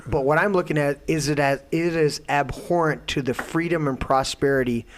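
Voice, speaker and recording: A man's voice: fairly high pitch, fairly even intonation, moderate pace, slight background noise. Man ranting with profane intensity. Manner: profane, emphatic, swings to shouting. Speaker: show host. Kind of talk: heated political rant.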